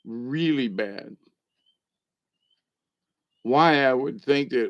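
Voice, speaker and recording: Slow, wry man reading jokes. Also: mid-range voice, wildly swooping pitch, gravelly, no echo, highs cut off. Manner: chuckling, wry asides between jokes. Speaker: comedy reader.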